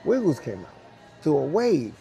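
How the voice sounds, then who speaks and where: A man's voice: a little high, huge pitch swings, normal speed, creaky, mellow, faint music behind. A man with a New York accent telling a story in an interview, acting out voices and sounds, swearing and laughing as he goes. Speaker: guest, dancer. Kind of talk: animated storytelling.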